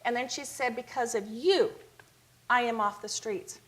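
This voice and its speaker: A middle-aged woman, founder of a youth charity, telling her story in a TV talk interview, lively, acting out quoted people in a higher voice. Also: normal speed, poor audio.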